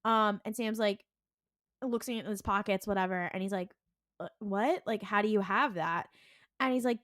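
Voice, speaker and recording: Woman, podcast co-host, casual recap, animated, acts out characters, mid-pitched voice, dry close sound. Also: no echo. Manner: animated retelling, acting out lines in quick character voices; heavy use of "like" and "and he's like".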